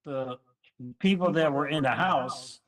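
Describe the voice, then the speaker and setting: Man, higher voice, animated storyteller, set back from the mic. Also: unhurried, distant mic, low-quality recording. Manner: animated storyteller, acts out quotes. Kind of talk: casual storytelling chat.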